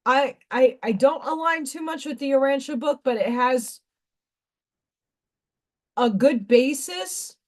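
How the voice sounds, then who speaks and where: A woman's voice: high-pitched, takes it slowly, long pauses. A woman hosting a live craft stream, talking about spiritual growth in a passionate, preachy way and swearing freely. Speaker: livestream craft host.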